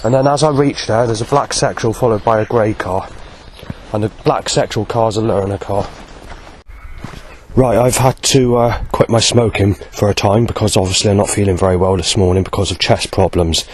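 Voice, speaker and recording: Hesitant man with a flat delivery. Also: fairly low pitch, slight background noise. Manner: hesitant, many pauses and "um"s, lists things one by one. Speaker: vlogger. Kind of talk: rambling personal video diary.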